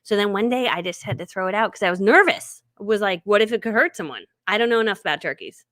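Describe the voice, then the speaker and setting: A woman's voice: mid-range voice, expressive, fast talker, fairly bright tone. A middle-aged woman hosting a live stream, telling stories in a chatty way, laughing often and acting out what people said. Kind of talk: casual chatty storytelling.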